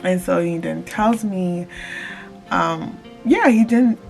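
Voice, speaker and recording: A young woman tells her story with bubbly excitement, her voice carrying a gravelly fry at the ends of phrases. Soft music plays faintly underneath her casual storytime vlog. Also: lowish voice, slow pace. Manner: excited, animated, addresses viewers as y'all. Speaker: vlogger.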